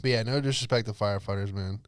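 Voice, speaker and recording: Rambling comedian telling stories. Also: male voice, on the low side, clean tone, dry recording, clean studio sound. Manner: rambling, jokey, quick character impressions. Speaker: comedian podcast host. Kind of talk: comedic storytelling monologue.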